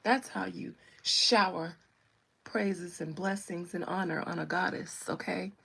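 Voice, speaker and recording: Gravelly, husky-voiced woman teasing her live chat. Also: lowish voice, steady tone, a little slow, a bit bright. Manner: sassy and playful, teasing viewers. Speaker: live-stream tarot reader. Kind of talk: casual live-stream chat reading comments.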